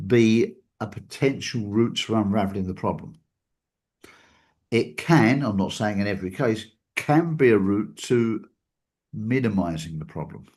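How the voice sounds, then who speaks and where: A man's voice: lowish voice, a little mellow. A man talking reflectively about abusive behavior, hedging his points and repeating words for emphasis. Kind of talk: reflective casual talk.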